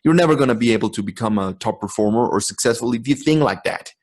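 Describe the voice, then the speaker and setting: A man's voice: medium pitch, fast talker, a little mellow. A man hosting a podcast, delivering a blunt, swearing, intense motivational monologue. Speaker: podcast host.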